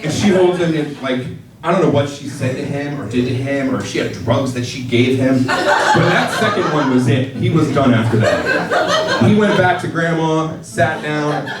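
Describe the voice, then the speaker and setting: A man doing stand-up comedy, telling a story in a profane, animated way and acting out the quotes as he goes. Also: on the high side, moderate pace, background noise. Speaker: wedding professional. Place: comedy theater stage. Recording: roomy live stage sound from a distance. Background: audience laughter.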